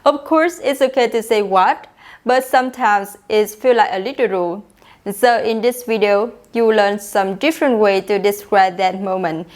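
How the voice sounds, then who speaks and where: A young woman leads an online English lesson. She speaks at a middle pitch, explains each point clearly, and acts out the example phrases. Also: moderate pace. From Vietnam. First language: Vietnamese. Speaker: English teacher.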